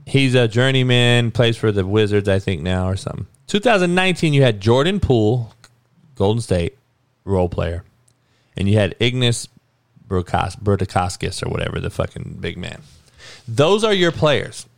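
A man's voice: lowish voice, vocal fry, no room sound, clean studio sound. A man giving a heated, profane and mocking sports rant as a podcast commentator.

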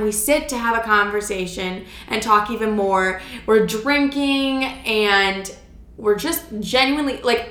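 A woman's voice: on the high side, bright, forceful tone, echoey room. A woman in her twenties telling a dating story casually, chatty and profane, acting out the dialogue as she goes. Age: 20s.

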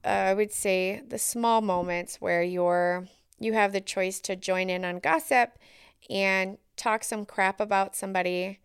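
A woman's voice: medium pitch, fairly even intonation, unhurried, smooth, no room sound, clean studio sound. A woman hosting a solo podcast, talking in a reflective, earnest way and thinking aloud with fillers. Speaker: podcast host.

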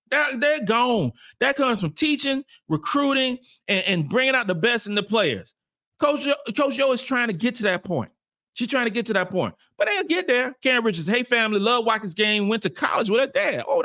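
Animated man, bright voice. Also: very high-pitched, dry recording, highs cut off. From South Carolina. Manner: animated, repeats phrases, reads viewer comments. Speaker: podcast host. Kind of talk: casual postgame show talk.

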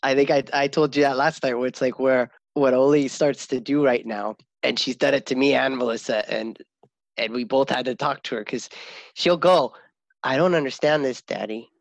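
A man chatting casually about his kids, rambling and animated, often laughing and acting out his daughter's lines. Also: medium pitch, normal speed, vocal fry, no room sound. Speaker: father, co-host. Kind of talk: casual podcast chat.

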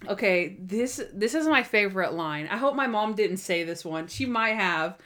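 A woman's voice: medium pitch, animated, normal speed, fairly bright tone. A young woman co-hosting a casual chat, retelling TV scenes with quoted voices and frequent laughter. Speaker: podcast co-host. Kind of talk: casual chat recapping a TV episode.

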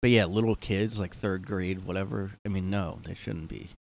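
A man's voice: deep voice, steady tone, moderate pace, vocal fry, darkish tone, slight background noise. A man hosting a casual solo podcast from his room, rambling with lots of fillers and a sardonic edge. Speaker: podcast host.

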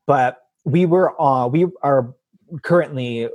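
A man with a husky voice, a guest telling an animated story in casual chat and acting out the quotes. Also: medium pitch, slow pace, no room sound, dull audio.

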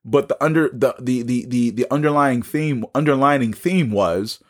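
Speaking at a moderate pace in a mid-range voice, a man with a New York accent recounts his own story during a casual podcast conversation. He acts out the dialogue and repeats words as he goes.

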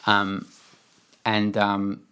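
A man's voice: on the low side, monotone, extremely slow, bright, forceful tone, clear, resonant tone. A man talking casually about video games, hesitant and full of fillers. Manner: hesitant, lots of fillers and restarts. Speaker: podcast co-host.

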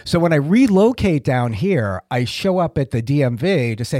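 A man's voice: medium pitch, very animated, fairly quick, hardly any pauses, warm tone, no echo, clean studio sound. A middle-aged man from Massachusetts hosting a podcast, chatting casually and telling stories with frequent laughs. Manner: chatty, storytelling, laughs often. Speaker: podcast host. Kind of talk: casual chat.

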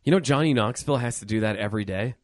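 A man's voice: medium pitch, very fast, no room sound, clean studio sound. A man co-hosting a podcast, chatting about films in a laid-back way, full of "like" and "dude". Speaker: podcast co-host. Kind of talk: casual film discussion.

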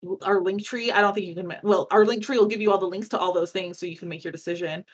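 A woman co-hosting a podcast, joking around in an animated, exasperated casual chat. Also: medium pitch, fast talker, dull audio. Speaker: podcast co-host.

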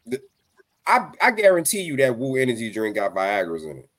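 A man's voice: mid-range voice, wildly swooping pitch, fairly quick, fairly bright tone. A man co-hosting a casual wrestling podcast, crude and profane, joking and laughing easily. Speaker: podcast co-host.

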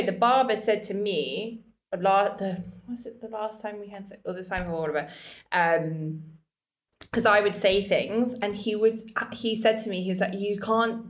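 A young woman co-hosting a frank, casual chat, laughing often and acting out quoted lines. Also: medium pitch. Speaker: podcast co-host.

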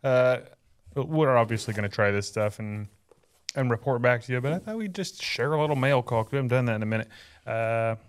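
A man's voice: mid-range voice, a little fast, clean tone. A man hosting a barbecue podcast, chatting casually in a rambling, easygoing way. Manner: rambling, easygoing, many fillers. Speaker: podcast host. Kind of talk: casual chat.

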